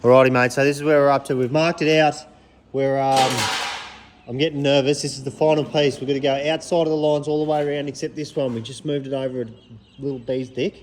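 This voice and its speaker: Upbeat Australian man with a mid-range voice, a relaxed, slangy vlog host in a workshop, faint noise around him. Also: medium pitch, fast. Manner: upbeat, chatty, laid-back slang, yells playful calls. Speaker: vlogger. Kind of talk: casual chat. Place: panel repair workshop.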